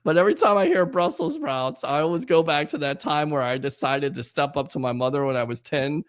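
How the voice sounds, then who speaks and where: A man in his forties hosting a sports talk show, telling stories loudly and playfully. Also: a little high, a little fast, no echo. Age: 40s. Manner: animated storyteller, loud and playful. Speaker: host.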